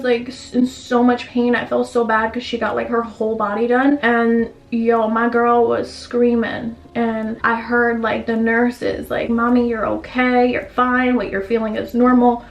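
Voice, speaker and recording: A woman's voice: fairly high pitch, fairly bright tone. A young woman telling a story in a chatty, slangy way while doing her makeup, as a beauty vlogger. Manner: chatty, lots of fillers and slang. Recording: echoey room, mic a bit distant.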